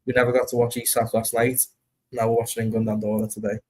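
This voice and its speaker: A young man chats loosely through a football watch-along, rambling from one thought to the next. He reads out viewer comments and swears now and then. His voice sits at an ordinary middle pitch for a man. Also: flat delivery, quick pace, warm tone, breathy edge. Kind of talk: casual live-stream chat.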